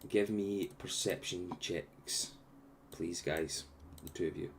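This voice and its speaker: A man runs a tabletop game, narrating in a relaxed, rambling way with plenty of fillers. His voice is low and his pace is slow. A faint hiss sits behind him. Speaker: game master.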